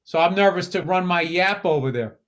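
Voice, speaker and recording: A man's voice: high voice, fairly quick, fairly bright tone. Profane, heated Boston man. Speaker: podcast co-host. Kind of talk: casual chat.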